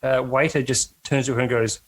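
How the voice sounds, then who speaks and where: A man's voice: medium pitch, steady tone, fairly quick. A man co-hosting a casual film-review podcast, with a dry, wry way of telling anecdotes. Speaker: podcast co-host.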